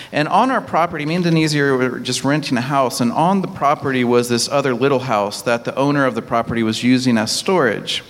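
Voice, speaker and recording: A missionary pastor from Texas, speaking with a Texan accent and reporting on his church work in a halting way, with many restarts and easy laughs. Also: medium pitch. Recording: long hall reverb.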